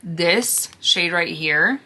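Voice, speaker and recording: A beauty vlogger chats casually while decluttering her makeup, gushing and now and then dropping to a hushed near-whisper as her voice goes hoarse. She speaks in a lowish voice and draws out her words.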